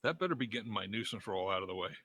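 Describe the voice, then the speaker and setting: A man's voice: lowish voice, animated, very fast, bright, forceful tone, breathy edge. A man playing in a tabletop role-playing game, describing his character's antics. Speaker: player.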